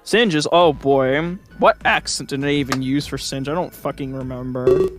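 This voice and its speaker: A man's voice: mid-range voice, normal speed, soft background music. A man giving crude, joking let's-play commentary while reading through a visual novel. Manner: crude, joking, laughs often. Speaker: gamer playing a visual novel.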